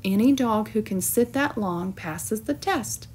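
A woman's voice: a little high, animated, unhurried, a little mellow, a little hiss or hum. A woman doing a stern, weary dog-school teacher. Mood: instructing. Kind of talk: storybook read-aloud.

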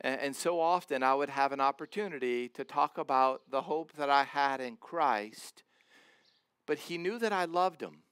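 A man's voice: medium pitch, moderate pace, a bit bright, clean tone, no echo, clean studio sound. A man in his forties preaching a sermon as pastor, earnest and emphatic, often repeating words and restarting.

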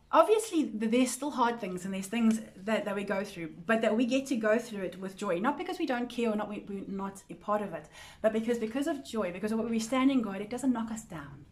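A woman's voice: on the high side, expressive, normal speed. Earnest woman teaching a Bible study. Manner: earnest, repeats words often, checks in with listeners. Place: church women's group meeting.

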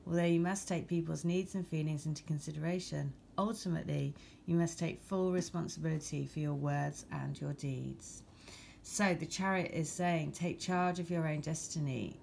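A woman with a gravelly, low-pitched English voice talks through a spiritual card reading for her viewers. She reads the card meanings in an even way, then breaks into excited chat with bursts of laughter. A faint hiss sits under her voice. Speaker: tarot and oracle card reader.

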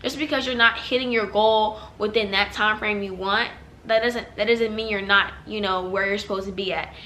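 A woman's voice: mid-range voice, fairly even intonation, normal speed, sharp tone, a little hiss or hum. A young adult woman giving casual vlog advice to new YouTubers, chatty and loose, full of "like" and "y'all". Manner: chatty, heavy use of "like" and "y'all". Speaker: YouTuber giving channel tips.

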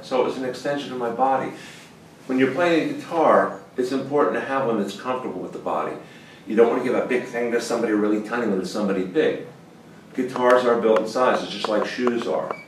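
Man teaching guitar, heard from afar. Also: mid-range voice. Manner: folksy, lively, bursts into exclamations. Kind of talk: informal guitar lesson. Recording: roomy sound from a distant mic.

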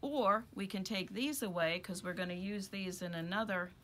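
A woman gives a hands-on craft lesson, thinking aloud as she sorts and lays out materials. Her voice sits at an ordinary middle pitch, and her delivery is easy and conversational. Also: normal speed, few pauses, a bit bright, slight background noise. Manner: chatty, thinking aloud while handling wool. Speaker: rug hooking instructor.

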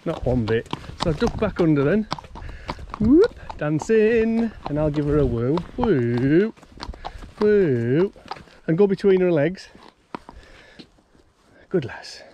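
A man's voice: a little high, expressive, takes it slowly, long pauses. A man giving casual, blunt instructions while training a pony outdoors. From Cumbria, England. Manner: blunt, encouraging, coaxing the pony. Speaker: horse trainer. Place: outdoors in a yard and on a lane with a pony. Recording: outdoor noise, hoof clatter.

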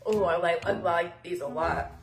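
A woman's voice: lowish voice, steady tone, normal speed, reverberant, music in the background. A woman casually reviewing snacks on camera, chatty and giggly, sometimes talking with her mouth full. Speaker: snack taster.

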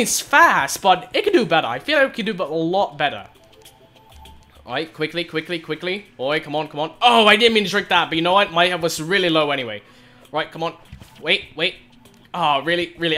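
A young man giving excited commentary on his own gameplay, often exclaiming and shouting as things happen. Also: sits high. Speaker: gaming video host.

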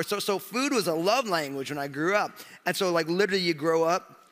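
Animated New pastor in a big hall. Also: male voice, a little high, brisk. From New Jersey, USA. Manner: animated, joking, lots of fillers. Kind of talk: storytelling sermon. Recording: long hall reverb.

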